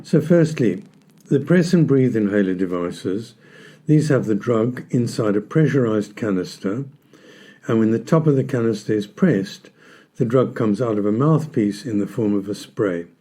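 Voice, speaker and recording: Man, health educator, very mellow deep-toned voice, lowish pitch, measured and emphatic. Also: lively intonation. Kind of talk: scripted educational talk.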